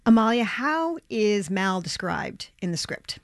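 Female interviewer, arts program, measured and composed, dry close sound. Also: medium pitch, sing-song, no room sound. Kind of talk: arts interview with scripted intro.

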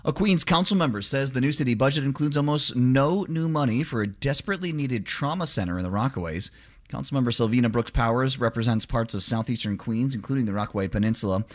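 A man reading local radio news and the weather in a brisk, conversational way. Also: medium pitch. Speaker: radio newscaster.

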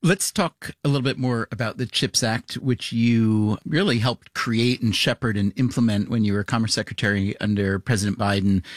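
A man leads an interview, asking measured questions with open curiosity. His voice sits at a middle pitch for a man. The sound is close and dry. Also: dry recording. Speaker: interviewer, host.

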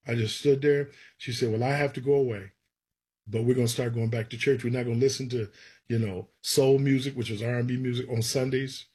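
A man's voice: medium pitch, brisk, husky. A man, a gospel songwriter, telling stories from his life in an interview and acting out the people he quotes. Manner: animated storyteller who acts out quotes. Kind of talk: storytelling interview.

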